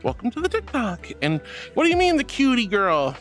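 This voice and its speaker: A man's voice: very high voice, huge pitch swings, brisk, fairly bright tone, soft background music. A man streaming live, casually reading chat and showering viewers with pet names like honey and darling, playful and giggly.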